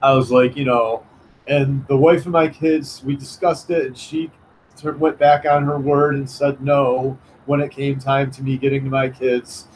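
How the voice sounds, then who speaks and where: In a rough recording with a bit of background noise, a vlogger recounts something that happened to him. His mid-range voice is flat and measured, and the casual monologue wanders, full of restarts and impressions of what others said.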